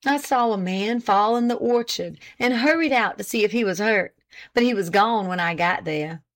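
A woman's voice: medium pitch, moderate pace, a bit bright, lightly acted. A woman voicing a reluctant older male witness who gives short, grudging answers.

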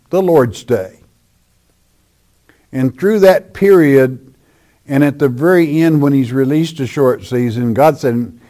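A man teaching from the Bible in sermon style, emphatic and repeating his points, often dropping soft at the ends of lines. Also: medium pitch. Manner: emphatic, repeats phrases, drops softly at line ends.

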